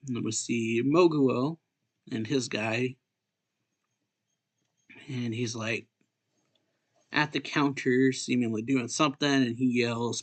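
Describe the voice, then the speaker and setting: A man's voice: medium pitch, fairly even intonation, slow, pauses often. A young man live-streaming as he reads a comic aloud and reacts, talking casually with fillers and self-corrections.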